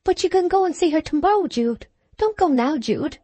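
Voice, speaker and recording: A woman reading an audiobook, voicing an anxious, jealous young woman who pleads in high, distraught tones. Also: normal speed, dark tone, dry recording, close to an everyday voice. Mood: plaintive. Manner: plaintive, distraught.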